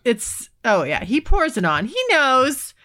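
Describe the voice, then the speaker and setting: A woman's voice: high voice, very animated, unhurried, bright, forceful tone. A woman hosting a podcast, chatting frankly and teasingly and laughing often. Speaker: podcast host. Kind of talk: casual chat.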